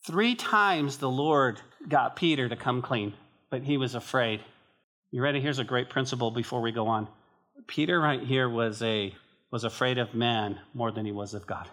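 A pastor from northern New Mexico preaching a sermon to his church in an animated, emphatic, conversational way. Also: medium pitch, a little fast.

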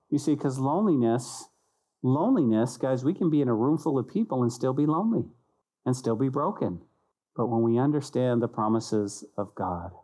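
A man, a pastor, preaching an animated sermon who acts out little voices and repeats key phrases for emphasis. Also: mid-range voice, moderate pace, low-quality recording. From United States.

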